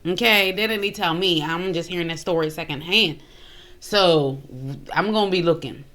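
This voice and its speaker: A woman's voice: on the low side, moderate pace, a bit bright. Chatty woman hosting a reaction video. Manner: chatty, exclaims and laughs often. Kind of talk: casual reaction commentary.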